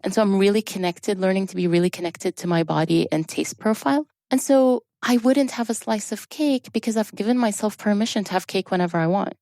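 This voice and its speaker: A woman drama therapist, talking as a podcast guest and explaining her ideas with animated emphasis. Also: mid-range voice, brisk, hardly any pauses, no room sound, studio quality. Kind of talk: conversational podcast interview.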